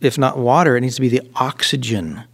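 A man with a mid-range voice and a strong gravelly fry in it. He hosts a conversation about faith, picking his words with care. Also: mid-range voice, fairly quick, a bit bright.

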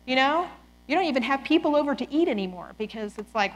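A woman in her forties giving a lively, conversational Christian talk to parents, often quoting scripture as if speaking the words herself. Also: sits high, fast. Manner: animated, conversational, quotes scripture in character. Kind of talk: talk to a church audience.

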